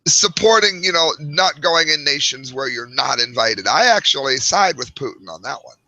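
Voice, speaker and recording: Excitable bright-voiced man in his forties. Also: fairly high pitch, normal speed, poor audio. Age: 40s. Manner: animated, excitable, rambling. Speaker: co-host. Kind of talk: casual talk show banter.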